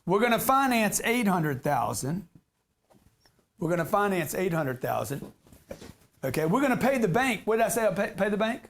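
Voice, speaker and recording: A man's voice: high voice, sing-song, moderate pace, vocal fry. A man giving a live real estate seminar to an audience, brash and slangy, cracking jokes as he teaches.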